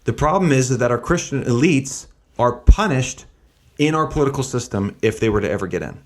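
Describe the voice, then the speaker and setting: A man's voice: medium pitch, expressive, a little fast, slight background noise. Emphatic man firing rhetorical questions. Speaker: host. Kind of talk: commentary.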